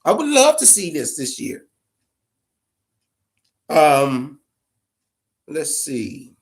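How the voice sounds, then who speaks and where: A man's voice: on the high side, wildly swooping pitch, very slow, vocal fry, slightly rough. A man hosting a boxing podcast, giving casual, opinionated commentary full of swearing and repeated emphasis. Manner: profane, emphatic, repeats himself.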